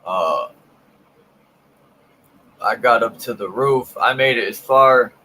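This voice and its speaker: A man's voice: medium pitch, animated, takes it slowly, sharp tone, a little hiss or hum, poor audio. Blunt, profane man talking shop. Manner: blunt and profane, tells work stories. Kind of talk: casual chat.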